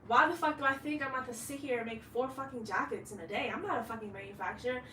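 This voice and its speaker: A woman's voice: on the high side, quick pace, fairly bright tone, roomy sound, distant mic, slight background noise, poor audio. A woman in her late twenties, a fashion designer, talking candidly in a rambling vlog monologue and swearing freely. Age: late 20s.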